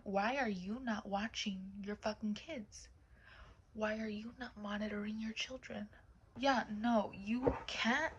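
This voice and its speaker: A woman vlogger in a casual, rambling commentary, blunt and profane, often dropping into hushed, whispered asides. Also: medium pitch, slightly rough, low-quality recording.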